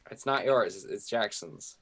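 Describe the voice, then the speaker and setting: A man playing a character in a tabletop role-play, with an insistent, deadpan and sometimes flustered manner. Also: lowish voice, a little slow. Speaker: player.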